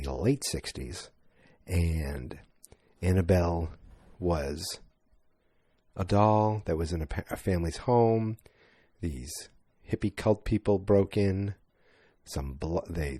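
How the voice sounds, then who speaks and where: A man's voice: sits low, warm tone, breathy edge, no room sound. A man hosting a podcast, giving a casual, rambling movie review monologue that often corrects itself. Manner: rambling, self-correcting, chatty. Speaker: podcast host.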